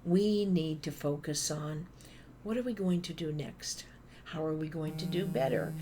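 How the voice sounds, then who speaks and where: A woman's voice: low voice, unhurried, background noise. A middle-aged woman from Canada giving a motivational talk, telling stories with playful asides. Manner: animated storytelling with playful asides. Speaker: speaker.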